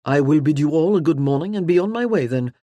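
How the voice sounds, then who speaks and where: A woman's voice: deep voice, expressive, fast, dark tone, no echo. A woman voicing a genial, courteous male earl in an audiobook. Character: Lord Rosthorn, genial French-accented male earl.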